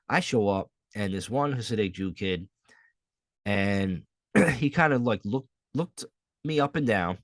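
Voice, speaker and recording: A man's voice: lowish voice, no echo. A young adult man hosting a podcast solo, telling a rambling, profane story in a casual way. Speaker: podcast host.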